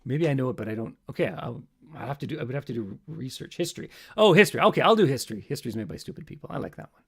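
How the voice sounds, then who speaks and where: A man's voice: medium pitch, lively intonation, racing, gravelly, slightly rough. A man hosting a live stream from his home, chatting between songs in a rambling, self-mocking way and muttering to himself.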